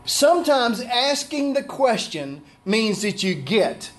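A man's voice: extremely high pitch, big pitch swings, slow. A man preaching a conversational sermon, acting out the scripture voices he quotes. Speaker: pastor.

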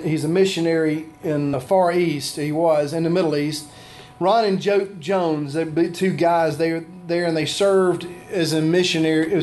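A man preaching a sermon as pastor, with animated shifts in pitch and pace.

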